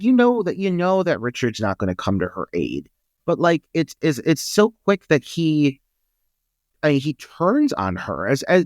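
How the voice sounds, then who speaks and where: A man's voice: medium pitch, no echo. A man co-hosting a podcast, discussing a film in a casual, emphatic, indignant way, repeating himself and swearing. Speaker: podcast co-host.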